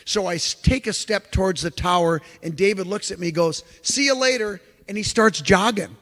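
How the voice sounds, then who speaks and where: A man giving a lecture as an animated storyteller, who acts out the exclamations he quotes. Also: sits high, normal speed. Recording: long hall reverb.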